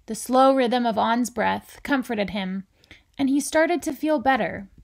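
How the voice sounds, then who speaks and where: A woman reading a children's picture book aloud in a gentle, deliberate storytelling manner. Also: a little high, creaky. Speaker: reader.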